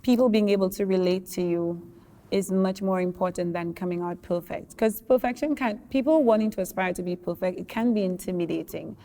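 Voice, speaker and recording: Brief: young woman vocalist, lowish voice, relaxed and laughing, long hall reverb. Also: fairly quick. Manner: relaxed, laughs often, thoughtful. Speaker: singer being interviewed. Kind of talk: casual interview talk.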